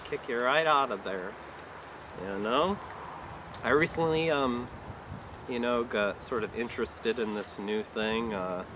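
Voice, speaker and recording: A man doing a stand-up comedy set in an awkward, hesitant, deadpan way, with lots of fillers. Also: medium pitch, a little hiss or hum. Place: live comedy venue.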